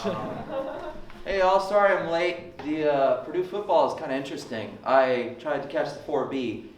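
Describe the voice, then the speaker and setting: Casting: male comic, casual apologetic opener, lively pitch, echoey distant room. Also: normal speed, a little hiss or hum. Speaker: comedian. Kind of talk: stand-up comedy. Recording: echoey room from far off, loud clicks.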